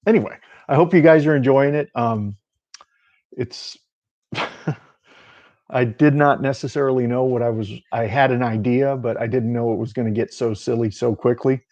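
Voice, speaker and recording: A man's voice: mid-range voice, moderate pace, long pauses, a little mellow, muffled recording. A middle-aged man, an author who hosts a show, chatting casually after a reading in a rambling, chuckling manner. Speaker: author and host.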